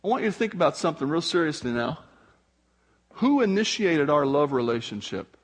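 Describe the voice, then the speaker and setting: An older man, a grandfather, preaching a sermon as pastor, animated and acting out the voices of people in his stories. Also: on the high side, fairly quick.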